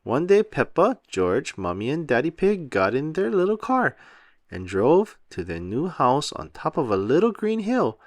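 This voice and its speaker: A man reading a children's picture book aloud with an animated, sing-song delivery. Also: on the high side, measured pace, dry recording. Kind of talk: read-aloud storytelling for children.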